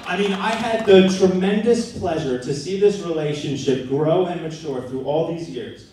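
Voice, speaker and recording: A man in his thirties gives a wedding toast as best man, mixing jokes with heartfelt words. His voice sits a little high and sounds distant. It is recorded from across the room, with heavy echo and faint background noise. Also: normal speed. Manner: joking, then earnest and sentimental. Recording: echoey room from far off.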